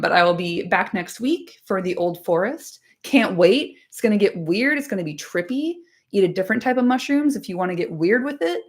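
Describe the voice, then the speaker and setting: A woman hosting a casual livestream chat, chatty and laughing often, with lots of "like" and casual swearing. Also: medium pitch. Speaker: podcast host.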